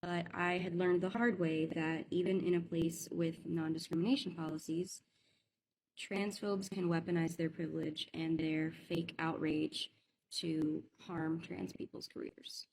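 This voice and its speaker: A woman speaks in a gravelly, slightly low voice with earnest, measured delivery. A steady hiss of background noise sits under her words. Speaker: teacher. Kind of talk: video monologue.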